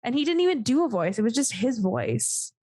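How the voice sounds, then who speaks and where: A woman's voice: a little high, sing-song, fairly quick, darkish tone, no echo, clean studio sound. A woman co-hosting a casual podcast chat, blunt and incredulous, swearing freely as she reacts. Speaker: podcast co-host.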